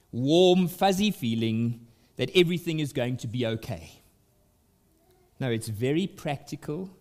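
With a somewhat dark tone, a man preaches at a church service, deliberate and emphatic. He pushes his pitch and volume up whenever he wants a point to land.

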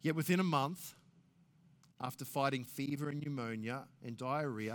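A man preaching a sermon, reading scripture aloud with rising force and dropping soft and low to drive points home. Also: normal speed. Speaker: pastor.

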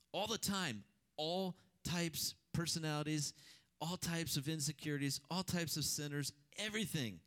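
A man preaching a sermon, reading scripture and then talking in a conversational, animated way with rhetorical questions to the congregation. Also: mid-range voice. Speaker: pastor.

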